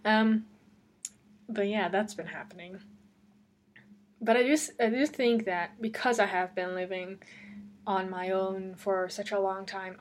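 Woman rambling on her solo podcast, lots of laughing, casual chatty vibe. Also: medium pitch. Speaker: podcast host. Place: lives alone in Amsterdam.

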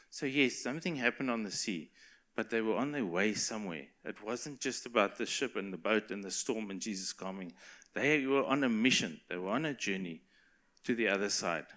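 A man's voice: lowish voice, fairly bright tone. A man preaching a sermon to a congregation in an earnest, encouraging way, with self-corrections and small laughs.

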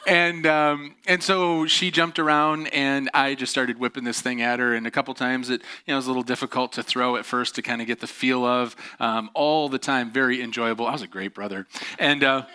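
A middle-aged man preaches from the pulpit, opening his sermon with a long story. His voice is bright and forceful, sitting at an average pitch. He is animated and self-mocking, and he keeps laughing at his own tale. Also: fairly quick, clear, resonant tone. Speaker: pastor.

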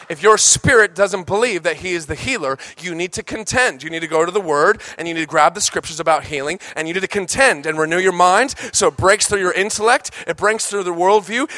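A male pastor preaching a sermon, swinging from shouted passion to hushed storytelling. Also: sits high, no room sound. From United States.

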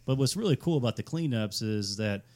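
A man's voice: mid-range voice, lively intonation, fairly quick, darkish tone. A man, a podcast guest, talking casually and rambling with many fillers. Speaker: guest, community volunteer. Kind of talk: casual chat.

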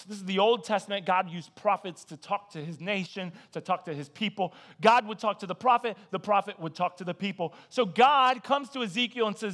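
A man preaching a casual, conversational sermon, animated and joking as he tells the story. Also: high-pitched. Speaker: pastor.

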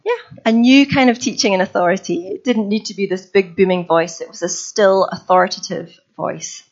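A woman giving an informal, chatty sermon as a preacher, self-deprecating and quick to laugh. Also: medium pitch. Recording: slightly dull recording.

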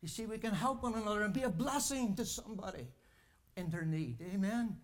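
An older man preaching a sermon, out of breath from pacing, calling out "Amen?" to the congregation and swinging between loud emphatic lines and soft low asides. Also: expressive, brisk. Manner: preaching with frequent call-and-response "Amen?". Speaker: pastor. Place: church.

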